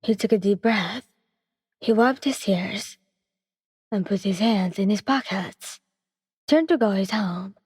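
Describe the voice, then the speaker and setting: A woman narrating a scripted story in a steady, plain reading manner. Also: medium pitch, takes it slowly, long pauses, clean studio sound. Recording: breathy voice with long reverb.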